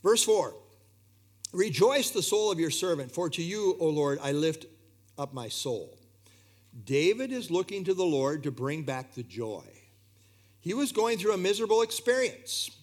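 A man preaching an expository sermon, earnest and emphatic, often repeating key phrases. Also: fairly high pitch.

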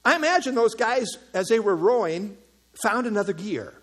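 A man's voice: sits high, moderate pace, husky. A man preaching an expository sermon, explaining verse by verse and joking with his listeners. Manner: animated, jokes with the listeners. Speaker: pastor.

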